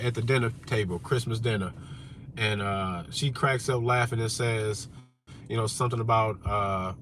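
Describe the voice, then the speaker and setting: A man's voice: fairly high pitch, a bit bright. A man delivering a brash, profane, combative rant as a vlogger, with faint vehicle noise behind him. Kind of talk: profane ranting monologue.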